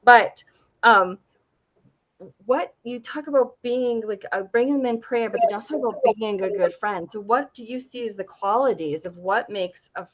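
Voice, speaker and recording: A woman's voice: fairly high pitch, normal speed, muffled recording. A woman hosting a podcast, asking hesitant questions and chiming in with affirming interjections. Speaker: podcast host. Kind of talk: conversational interview.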